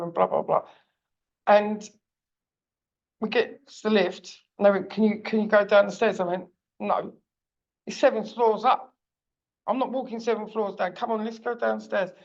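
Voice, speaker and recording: A woman's voice: mid-range voice, gravelly, darkish tone, highs cut off. A woman working as a parent advocate, telling a personal story in a blunt, plain-spoken way.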